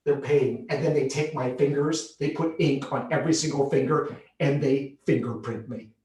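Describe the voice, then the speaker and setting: A man performing a solo theatre piece, telling his own story with vivid, expressive delivery. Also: medium pitch, normal speed. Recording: roomy theatre heard from a distance.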